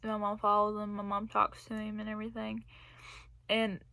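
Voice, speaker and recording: A woman's voice: mid-range voice, monotone, a little fast, vocal fry, pushed and bright, no echo. A young woman telling a personal story in a casual vlog, rambling and laughing between phrases. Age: young adult. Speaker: vlogger.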